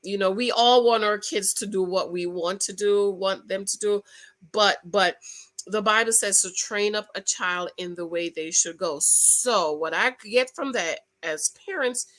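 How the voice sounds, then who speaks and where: A woman with a bright, forceful voice talks straight to her viewers in a casual commentary. She is expressive and emotional, jumping from loud excitement to quiet asides. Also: mid-range voice, measured pace, poor audio. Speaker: vlogger reviewing a reality show.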